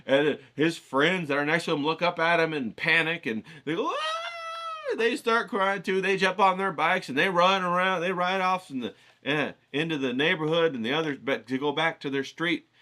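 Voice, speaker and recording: A man hosting a writing challenge, telling a childhood story in an animated, chatty way and then coaching his viewers to write. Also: fairly high pitch, moderate pace. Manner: animated anecdotal telling, acts out quoted voices; coaching, rallying tone. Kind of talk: casual storytelling lesson.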